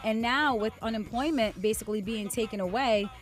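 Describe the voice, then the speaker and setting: A woman's voice: fairly high pitch, a little fast, soft background music. A woman co-hosting a radio show, earnestly calling out community programs in a conversational monologue.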